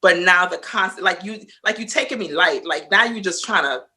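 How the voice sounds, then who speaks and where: A woman guest on a casual podcast telling a story, animated and profane, acting out both sides of the conversation. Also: lowish voice, fairly quick.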